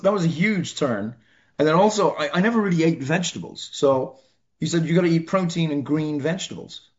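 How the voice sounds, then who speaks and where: A middle-aged Irish man telling a personal story in conversation, reflective and halting, with dry self-deprecating humor. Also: fairly high pitch. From Ireland. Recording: slightly dull lo-fi sound.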